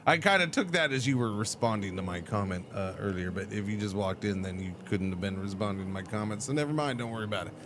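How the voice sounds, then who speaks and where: Low-voiced rambling male streamer. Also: fast, few pauses, background noise. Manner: rambling, repeats and stammers words; talks back to chat messages. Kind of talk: casual live game-stream chat.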